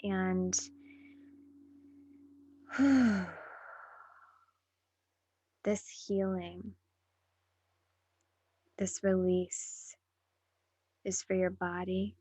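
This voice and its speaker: A woman hosting a spoken program, talking slowly and gently with a husky, breathy voice that often drops to a near-whisper. Her tone is earnest and encouraging as she speaks straight to her listeners. The sound is dry and close, with no room around it. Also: medium pitch, fairly even intonation, dry recording. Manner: soft, breathy and unhurried, drifting into near-whispers. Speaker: podcast host. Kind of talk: slow reflective monologue.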